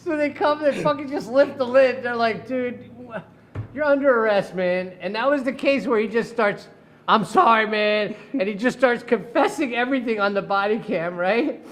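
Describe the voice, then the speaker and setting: A middle-aged defense attorney tells a courtroom story in casual chat, laughing often and swearing freely as an animated, profane storyteller. He has a very high voice and speaks at normal speed.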